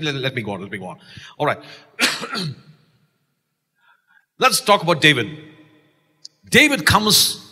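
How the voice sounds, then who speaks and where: This high-pitched, slightly rough male voice belongs to a pastor with a Malaysian English accent. He delivers an exuberant sermon in the church sanctuary, calling out for the congregation's responses and shouting the key lines. The recording carries a long church reverb.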